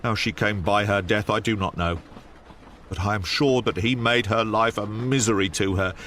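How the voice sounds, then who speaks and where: A man's voice: lowish voice, steady tone, moderate pace, fairly bright tone, a little hiss or hum, close to an everyday voice. A man reading an audiobook, voicing a thin, nervous male estate manager who shoots out short, breathless sentences. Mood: agitated.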